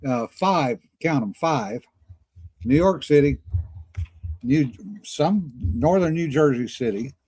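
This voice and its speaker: A man's voice: on the high side, animated, slow, darkish tone, breathy edge, no room sound. A man co-hosting a casual livestream chat, telling stories and laughing often. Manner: chatty storyteller, laughs often. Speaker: podcast co-host.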